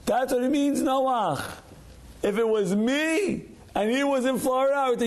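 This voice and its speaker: A man, a rabbi, giving a Torah class as a lively storyteller who acts out the voices of people in his stories. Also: very high-pitched, normal speed.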